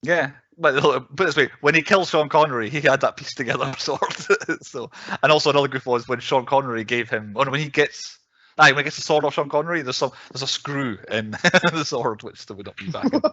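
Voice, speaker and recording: A man hosting a casual film podcast, chatty and quick to laugh, leading the discussion. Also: mid-range voice, sharp tone, no echo. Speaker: podcast host. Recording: dull lo-fi podcast audio.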